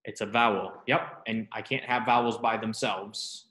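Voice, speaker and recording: Low-voiced man teaching in an echoey room. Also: moderate pace. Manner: relaxed, self-deprecating, asks students questions. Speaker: Biblical Hebrew teacher. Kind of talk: classroom lesson.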